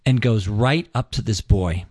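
A man telling an earnest, animated personal story as a guest on a talk show. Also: fairly low pitch, measured pace, dry recording, clean studio sound.

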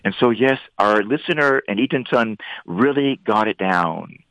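A man, a priest and regular on a radio show, talking earnestly about faith and often rising into lively emphatic bursts. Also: fairly low pitch, moderate pace, no echo, lo-fi sound. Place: radio studio.

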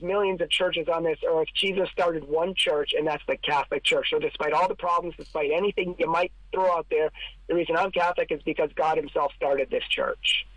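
A man's voice: a little high, a bit bright, dry recording, poor audio. A man talking as a podcast guest, telling his story in an earnest, emphatic way and counting off his points. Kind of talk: casual storytelling.

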